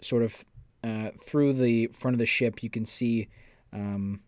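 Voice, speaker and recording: A man narrating a tabletop role-playing game as game master, describing scenes to the players in a measured second-person voice. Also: medium pitch, steady tone, dry recording, clean studio sound.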